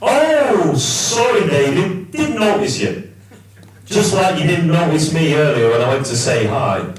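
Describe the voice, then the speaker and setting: A man's voice: a little high, very animated, unhurried, far from the mic. A man doing a curt, money-grabbing celebrity. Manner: curt, dismissive, keeps demanding payment. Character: brusque, money-grabbing celebrity actor at a signing. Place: live stage show in a large hall. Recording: echoey live hall, mic from afar. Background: audience.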